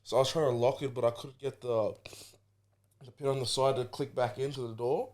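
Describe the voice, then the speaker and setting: A man's voice: mid-range voice, steady tone, fairly quick, darkish tone. A young Australian man on a podcast, rambling through stories with plenty of swearing. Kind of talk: casual chat.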